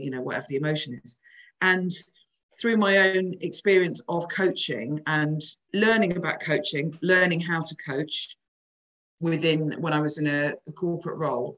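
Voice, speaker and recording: Low-voiced woman in her forties; candid, chatty coach. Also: low-quality recording. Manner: chatty, frank, lively storytelling. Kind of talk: casual podcast chat.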